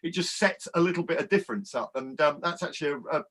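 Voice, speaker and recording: Panelist: man with a high, bright voice, thoughtful and rambling, video call. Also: fast talker. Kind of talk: casual live panel chat.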